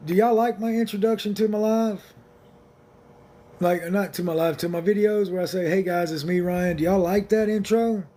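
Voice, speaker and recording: A man's voice: high-pitched, steady tone, normal speed, warm tone. Blunt, rambling man streaming live. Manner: blunt, rambling, laid-back and joking. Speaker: livestream host. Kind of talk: casual livestream chat with viewers.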